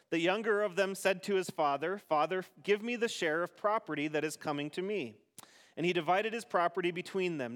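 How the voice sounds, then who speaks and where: A male pastor reads scripture aloud to his congregation, unhurried and deliberate. His voice sits somewhat high for a man and comes through smooth and resonant. The sound carries the long reverb of a church hall. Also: a bit bright. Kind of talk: sermon and scripture reading. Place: church sanctuary.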